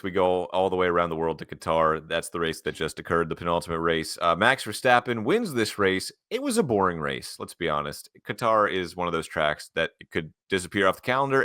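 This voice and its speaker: A man with a low voice hosts a casual sports podcast. He talks in an animated, joking way and walks through the story at length. The sound is dry and close. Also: no echo. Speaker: podcast host.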